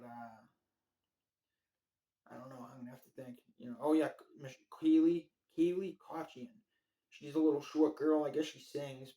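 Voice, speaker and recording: A man's voice: mid-range voice, darkish tone, rough recording. Blunt, profane man ranting casually. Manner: blunt, profane, rambling with filler phrases. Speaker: former inmate ranking jail officers.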